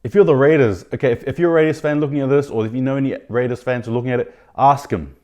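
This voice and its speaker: A man hosting his own rugby league podcast, giving indignant opinions in a ranting style, with sudden loud outbursts of disbelief. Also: mid-range voice, rapid-fire. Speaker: podcast host. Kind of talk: opinionated sports commentary.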